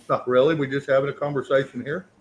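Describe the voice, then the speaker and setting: A man's voice: mid-range voice, steady tone, fast talker, rough recording. A man hosting a livestream and bringing callers on, talking in a loose, rambling, friendly way. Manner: rambling, friendly and welcoming to guests. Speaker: livestream host. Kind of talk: casual chat.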